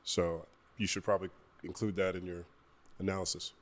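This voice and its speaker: Man, deep voice, calm, teasing, podcast co-host. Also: brisk. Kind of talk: podcast discussion.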